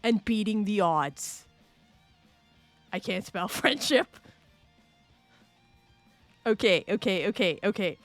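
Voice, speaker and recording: A woman's voice: mid-range voice, expressive, slow, long pauses, no room sound, faint music behind. A woman streaming live, chatting casually and playfully, rambling, laughing often and answering her chat.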